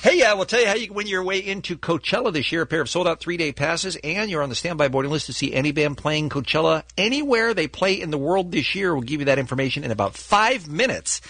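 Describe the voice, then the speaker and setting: A man's voice: a little high, animated, fast, few pauses, fairly bright tone, no echo. A man hosting a morning radio show, bantering playfully and laughing often.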